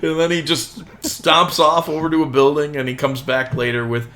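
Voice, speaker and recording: A man's voice: mid-range voice, moderate pace, bright, forceful tone, slight background noise. A man running a tabletop game as game master, narrating casually with fillers.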